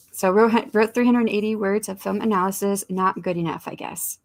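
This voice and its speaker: A woman's voice: medium pitch, fairly even intonation, fairly quick, hardly any pauses. A woman hosting a writing sprint livestream, chatting casually and rambling as she reads viewer comments aloud.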